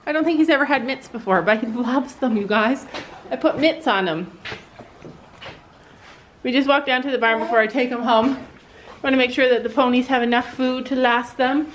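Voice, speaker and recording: A woman's voice: high-pitched, moderate pace, long pauses, fairly bright tone, slight background noise. An older woman, a grandmother, chatting casually in a vlog while walking around her farm, switching into baby talk for a toddler and the animals. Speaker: vlogger. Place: outdoors at a farm and barn.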